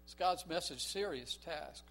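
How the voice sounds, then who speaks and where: Emphatic male preacher, slightly high voice. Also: a little slow, vocal fry, a bit bright, a little hiss or hum. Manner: emphatic, call-and-response, storytelling. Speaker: pastor. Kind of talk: sermon. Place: church.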